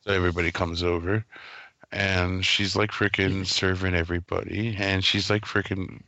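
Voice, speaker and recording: A man co-hosting a casual podcast, telling profane, animated stories about his family. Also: deep voice, moderate pace, no room sound. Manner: profane storyteller, animated when quoting his mom. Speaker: podcast co-host. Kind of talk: casual chat.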